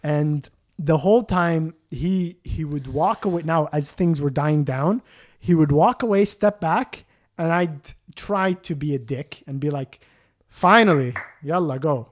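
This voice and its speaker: A man co-hosting a podcast, telling a story in a casual, animated way with lots of "dude" and "like". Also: a little high, measured pace. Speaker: podcast host.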